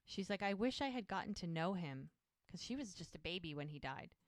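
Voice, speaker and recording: A woman's voice: on the low side, animated, fairly quick, no echo, studio quality. A woman co-hosting a podcast, casually retelling TV scenes and acting out the characters' lines. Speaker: podcast co-host. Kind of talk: casual recap chat.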